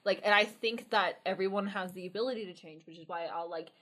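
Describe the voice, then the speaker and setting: A young woman from the South-Central US co-hosting a casual podcast. She speaks in a middle-pitched voice. She tells her stories with plenty of energy and swears freely. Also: fast. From Oklahoma and Texas. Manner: animated storyteller, swears freely. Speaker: podcast co-host. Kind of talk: casual chat.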